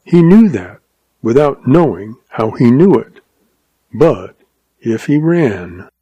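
A man narrating a western story in a measured, unhurried audiobook reading. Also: mid-range voice, big pitch swings, dark tone, slightly rough, dry recording, lo-fi sound.

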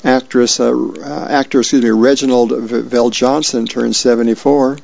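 A volunteer reader reading newspaper comics and birthdays aloud in a plain, friendly way with small slips. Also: male voice, mid-range voice, steady tone, normal speed, creaky, darkish tone, no room sound, dull audio.

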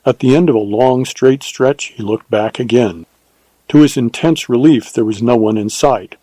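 Male audiobook narrator, measured storyteller, husky tone, dry close studio mic. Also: mid-range voice, mellow, no echo, poor audio. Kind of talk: scripted narration of a western novel.

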